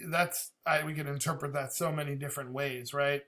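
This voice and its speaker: A man's voice: fairly high pitch, fairly even intonation, a little fast, fairly bright tone. A man reacting to a rap song, thinking aloud about the lyrics, laughing often and swearing casually. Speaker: reaction video host.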